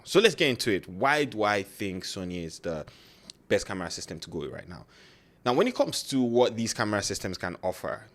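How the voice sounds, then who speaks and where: A man with a non-native English accent, talking casually to camera about photography gear, rambling and correcting himself with many fillers. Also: low voice. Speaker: photography YouTuber.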